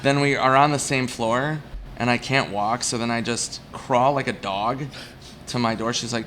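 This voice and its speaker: A man's voice: mid-range voice, a bit bright, slight background noise. A man, a comedian guest, casually telling rambling, self-mocking stories at a bar and briefly acting out the people in them. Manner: rambling, self-mocking anecdotes with quick acted-out quotes.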